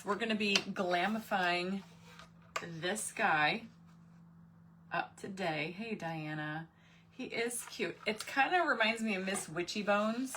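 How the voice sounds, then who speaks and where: A woman's voice: medium pitch, fairly bright tone, a little hiss or hum. A woman, hosting a casual craft livestream and chatting with viewers, greeting them by name. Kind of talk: casual live craft stream chat.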